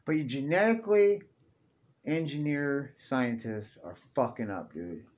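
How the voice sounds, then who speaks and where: A man's voice: medium pitch, lively intonation, a little slow, a little mellow. A young man ranting casually to camera, profane and rambling, tacking "dude" onto everything. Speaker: vlogger.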